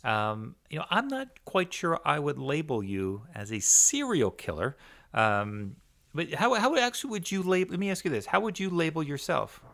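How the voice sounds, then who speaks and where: Man asking lively, hesitant questions. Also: a little high, normal speed, creaky. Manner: hesitant, filler-heavy questioning. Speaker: podcast host. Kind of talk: interview questions.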